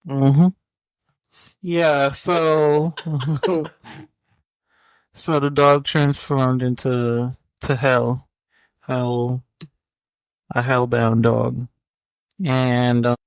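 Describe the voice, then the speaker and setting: A man in his forties co-hosting a podcast, talking in a slow, hesitant way and repeating words as he gathers his thoughts. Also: medium pitch, flat delivery, smooth, no room sound, rough recording. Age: 40s. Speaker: podcast co-host. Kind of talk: casual movie chat.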